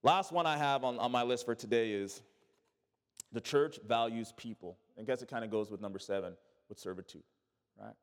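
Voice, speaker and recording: Recorded in an echoey church hall, a male pastor with a mid-range voice speaks at normal speed. He preaches to his congregation in the sanctuary, leaning on emphatic repetition and call-and-response.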